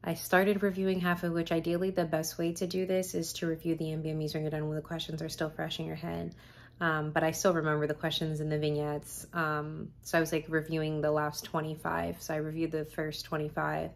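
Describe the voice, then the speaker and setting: A woman in her twenties talks to her camera in a low, gravelly voice. She sounds tired and candid, and she rambles with plenty of "um"s. A faint hiss sits under her voice. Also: monotone, brisk. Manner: candid, chatty, many fillers. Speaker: medical student vlogger. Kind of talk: casual vlog chat. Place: home.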